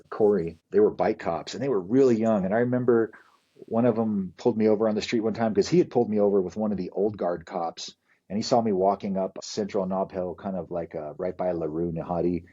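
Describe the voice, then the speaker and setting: A man's voice: on the low side, warm tone, highs cut off. A middle-aged man telling candid, profane stories from his past in a casual interview. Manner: candid, profane, rambling storyteller. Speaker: podcast guest.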